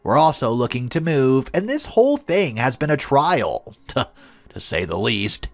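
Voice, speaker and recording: A man's voice: mid-range voice, sing-song, unhurried, faint music behind. A man narrating an online story in a dramatic, scripted reading.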